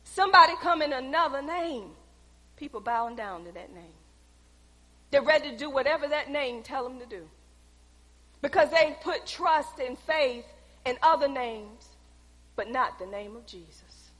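A woman preaching a sermon, calling out to her congregation and building to loud, fervent exhortation. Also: high-pitched, expressive, moderate pace. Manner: calls out to the congregation. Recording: long hall reverb.

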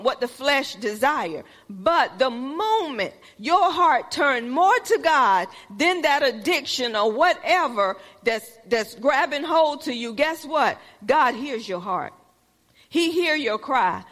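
A woman's voice: high voice, fairly bright tone, big-room sound. A woman preacher giving a sermon in an earnest, plain-spoken, conversational way.

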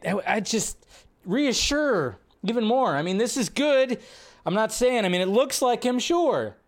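Guy hosting a movie news livestream, highish voice, jokey and animated, chatting with viewers. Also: a little slow. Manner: animated and joking, reacting to chat. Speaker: host of a live movie news show. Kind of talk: casual live-stream commentary.

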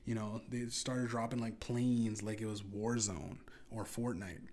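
A man's voice: lowish voice, steady tone, a little slow, darkish tone. A young man hosting a podcast, telling an absurd comedic story in a casual, profane, rambling way with lots of restarts. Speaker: podcast host.

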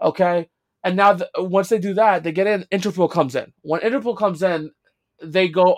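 A man's voice: sits high, brisk, dry recording, studio quality. A young man co-hosting a casual podcast, picking apart a movie bluntly and swearing often. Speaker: podcast co-host. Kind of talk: casual movie-review chat.

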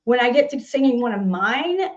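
A woman's voice: fairly high pitch, animated, a little fast, a little mellow, lo-fi sound. A singer-songwriter woman from Nashville with a Southern accent, chatting casually in an interview, laughing often and restarting her sentences. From Nashville, Tennessee.

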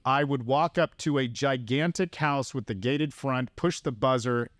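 A man's voice: mid-range voice, measured pace, fairly bright tone, no echo, studio quality. A man hosting a podcast in casual chat, enthusiastic and chatty. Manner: enthusiastic, chatty, laughs easily. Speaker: podcast host.

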